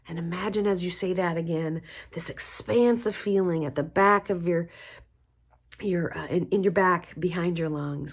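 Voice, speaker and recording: A woman leading a guided mantra practice, speaking gently and encouragingly. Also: lowish voice, measured pace, breathy edge. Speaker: spiritual teacher.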